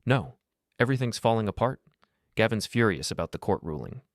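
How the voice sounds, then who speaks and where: A man voicing a frightened young married woman in a story, hushed and self-blaming. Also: on the low side, sing-song, fairly quick, no room sound, studio quality. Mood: distressed.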